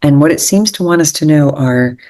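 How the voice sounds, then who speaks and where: Woman guest author, low mellow voice, earnest and gentle, reflective interview talk. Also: brisk. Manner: earnest, gentle, repeats phrases for emphasis.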